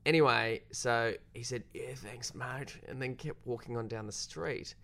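A man's voice: moderate pace, vocal fry. A young Australian man, a filmmaker guest, telling a story in casual, self-deprecating chat. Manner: animated, self-deprecating, jumps pitch when quoting.

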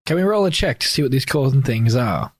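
A man playing a tabletop game who jokes around and fires off quick questions. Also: medium pitch, expressive, slightly rough. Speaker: player. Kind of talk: casual tabletop play.

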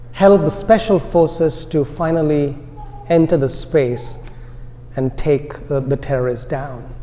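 A man with an Indian American accent preaching an Easter sermon in a church, slow and deliberate, letting his phrases trail off softly. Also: a little high. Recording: long reverb of a large hall.

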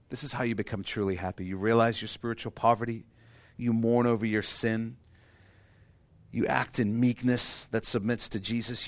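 A man preaching a sermon as pastor, earnest and emphatic, dropping to a quiet intensity on heavy points. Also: mid-range voice, no echo. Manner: earnest preaching, stresses key lines, drops to soft intensity.

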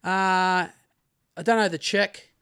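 A man's voice: high-pitched, steady tone, slow, bright, forceful tone, clean tone. Rambling New man, casual podcast. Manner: rambling, swearing, laid-back storytelling. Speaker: podcast host. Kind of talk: casual chat.

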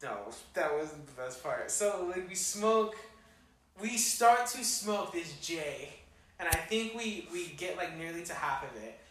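A young man telling a wild story on a casual podcast, animated and full of slang and swearing. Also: fairly high pitch, a little slow. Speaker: podcast co-host. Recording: echoey room, distant mic, faint noise.

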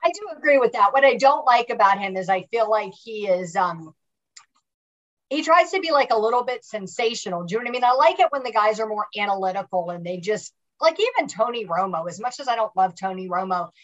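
A woman's voice: mid-range voice, animated, fairly quick, fairly bright tone, highs cut off. A woman guest on a podcast, chatting frankly and telling stories. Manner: frank, anecdotal storyteller. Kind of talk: casual chat.

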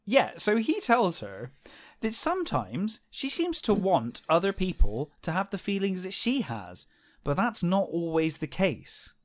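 A man with an English accent, co-hosting a casual podcast and recapping a book with quick jokey asides. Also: high voice, huge pitch swings. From England. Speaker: podcast co-host.

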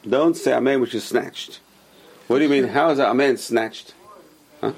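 A man with a gravelly, husky voice leads a casual class, insistent and repetitive as he drills his students on pronunciation. His tone is that of a teacher explaining the same point several ways. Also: medium pitch, normal speed. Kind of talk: casual religious lesson to a small class.

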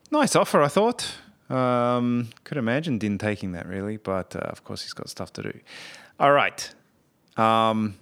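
A podcast host reviewing an episode in casual, rambling chat, full of fillers and self-corrections. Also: male voice, medium pitch, a bit bright, smooth.

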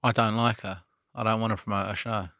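A man's voice: lowish voice, level tone, brisk, pushed and bright, no room sound, clean studio sound. A man co-hosting a comedy podcast, answering in a hesitant, unsure way.

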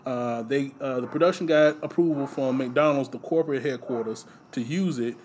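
A man's voice: mid-range voice, moderate pace, a little mellow, a little hiss or hum. Rambling man sharing movie trivia. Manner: loose, rambling delivery with frequent fillers and laughs. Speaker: podcast co-host. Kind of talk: casual movie trivia chat.

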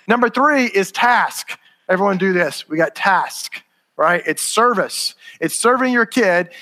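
A man's voice: sits high, pushed and bright. A middle-aged man giving a conversational conference talk to parents, often checking whether the audience follows. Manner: conversational, asks the audience if it makes sense. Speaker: conference speaker. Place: conference hall. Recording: reverberant hall.

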